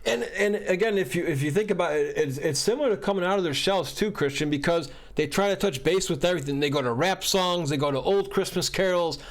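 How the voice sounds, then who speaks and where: A man hosting a podcast, chatting in an animated way, laughing and asking his co-host questions. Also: sits high, fairly quick, hardly any pauses. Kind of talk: casual podcast chat. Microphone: podcast microphone, audio only.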